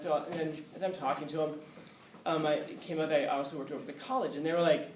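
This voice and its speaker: A man's voice: on the high side, steady tone, quick pace. Candid male professor in an echoey classroom. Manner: candid and conversational, with swearing and chuckles. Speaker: college professor. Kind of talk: storytelling lecture to a class. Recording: roomy, distant, faint background hiss.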